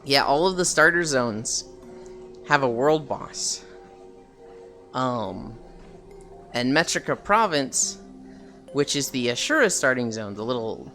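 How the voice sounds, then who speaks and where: A man's voice: medium pitch, bright, forceful tone. A man streaming while walking, chatting casually about a video game with lots of fillers and casual swearing.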